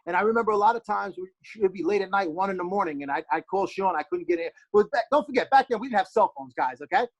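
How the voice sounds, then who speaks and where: A man's voice: sits high, lively intonation, fast, hardly any pauses, low-quality recording. A man in his forties with a New Jersey accent, guest-hosting a podcast and telling brash, rambling stories. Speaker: guest host. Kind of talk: casual podcast chat.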